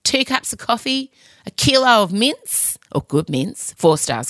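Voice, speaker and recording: A middle-aged woman hosting a podcast, talking in a chatty, self-mocking comic monologue with big playful swings in pitch, close to the mic. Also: big pitch swings, measured pace, a bit bright, no room sound. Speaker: podcast host. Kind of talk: casual comedic monologue.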